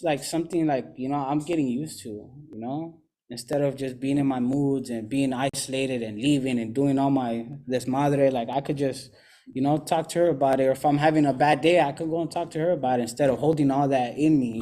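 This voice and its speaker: Speaking briskly in a dark, mid-range voice, a young recovering addict tells his story with candor, his talk loose, rambling, slangy and full of "you know."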